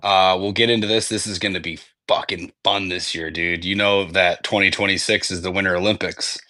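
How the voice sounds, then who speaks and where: A man's voice: low-pitched, fairly even intonation, a little fast, bright, forceful tone, dry recording. A man hosting a sports podcast in casual chat, rambling and swearing freely. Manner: rambling, profane, self-correcting. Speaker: podcast host.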